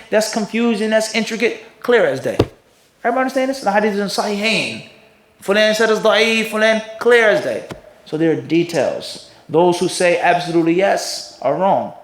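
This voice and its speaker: A man with a fairly high voice gives an Islamic lecture, pausing to ask his listeners rhetorical questions. He slips into sarcastic mimicry of the people he criticizes. The room around him rings with echo. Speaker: mufti teaching hadith. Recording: echoey room.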